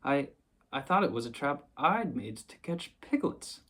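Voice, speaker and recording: A man voicing a big, blustering male heffalump creature in a storybook reading, with a loud, bumbling voice. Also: medium pitch, measured pace.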